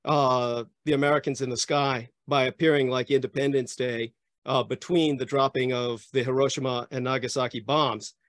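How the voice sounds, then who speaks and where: A man's voice: medium pitch, steady tone, normal speed, fairly bright tone, dry recording, clean studio sound. A man speaking as a guest historian, blunt and emphatic, sounding drunk. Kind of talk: conversational commentary.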